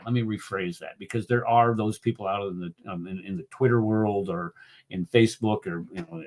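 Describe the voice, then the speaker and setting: A man in a heated political discussion, indignant and mocking, often restarting his sentences. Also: lowish voice. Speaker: discussion group co-host.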